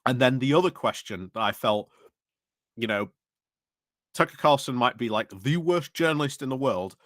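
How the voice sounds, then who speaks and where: A man's voice: mid-range voice, expressive, normal speed, a bit bright, no room sound, clean studio sound. A man in casual political chat on a podcast, rambling with many fillers and restarts. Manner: rambling, frequent fillers and restarts, laughs while talking. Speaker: podcast panelist.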